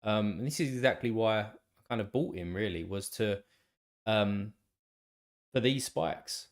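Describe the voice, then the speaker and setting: Male streamer, nasal and stuffed up, a bit tired, low-ish voice, rambling casual chat. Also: unhurried. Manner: rambling, talks to chat viewers by name, many restarts. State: congested, still a bit tired. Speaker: live stream host.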